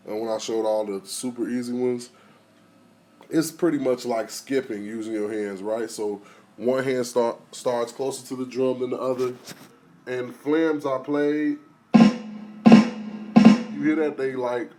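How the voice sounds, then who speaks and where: A man teaching drum rudiments in a casual lesson, explaining step by step and counting the strokes out loud. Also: medium pitch. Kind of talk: casual instructional talk.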